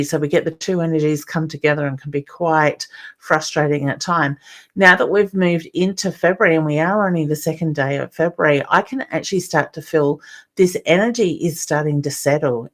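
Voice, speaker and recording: A woman with an Australian accent and a lowish voice hosts a live stream as a psychic medium. She reads out viewer comments and greets people by name, chatty and affectionate.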